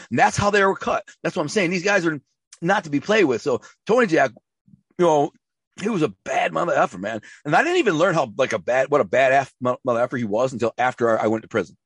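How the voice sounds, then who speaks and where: A man's voice: on the high side, animated, fast talker, fairly bright tone, husky, no room sound. A man telling rambling, profane stories in a casual interview, full of restarts and acted-out quotes, from the Detroit area. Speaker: interview guest, former mob associate and author.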